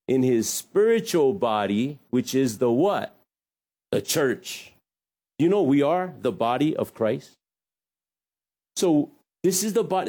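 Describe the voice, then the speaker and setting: Pastor guy preaching, dark mellow voice, jokes around between points. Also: medium pitch. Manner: lively, joking asides, sings snatches. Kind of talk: sermon.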